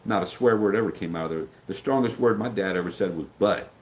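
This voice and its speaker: A man's voice: low voice, fast, slight background noise, low-quality recording. A middle-aged man talking casually on a livestream, reading out viewer comments and answering them in a rambling way, sometimes losing his train of thought and acting out the voices of people he quotes.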